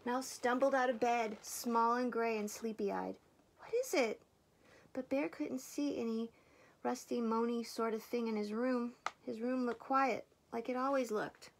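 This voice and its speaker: An older woman reading a picture book aloud, expressive and dropping into soft whispers. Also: fairly high pitch, unhurried, creaky, a little hiss or hum. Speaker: storybook reader.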